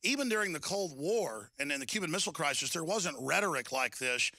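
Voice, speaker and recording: A man's voice: a little high, lively intonation, fairly quick, pushed and bright, no echo. A man hosting a talk radio interview, intense and agitated, rambling with restarts. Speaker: radio host.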